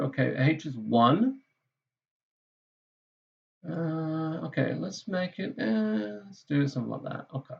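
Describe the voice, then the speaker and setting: A man's voice: on the high side, gravelly, muffled recording. Casual, self-correcting male maths teacher. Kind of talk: screen-recorded maths lesson.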